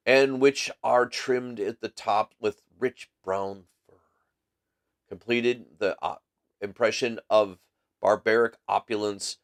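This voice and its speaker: A man hosting a live book reading who reads a story aloud in a steady, measured way with the odd small slip. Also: mid-range voice.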